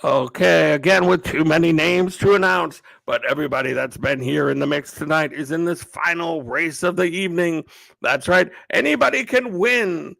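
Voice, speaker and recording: A man casually chatting to viewers on a live stream, rambling in a relaxed way. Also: a little high, moderate pace, vocal fry, no room sound, low-quality recording.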